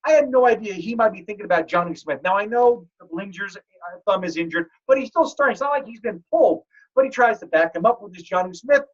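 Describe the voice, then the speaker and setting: A man hosting a fantasy football league podcast, telling stories in a joking, animated way. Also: high-pitched, quick pace. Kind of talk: casual podcast chat. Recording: dull lo-fi audio.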